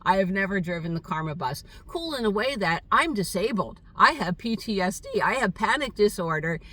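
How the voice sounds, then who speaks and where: An older woman telling a rambling, halting story in a casual vlog monologue, with many fillers. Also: mid-range voice, sing-song, pushed and bright, distant mic. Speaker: vlogger. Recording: voice set back from the mic.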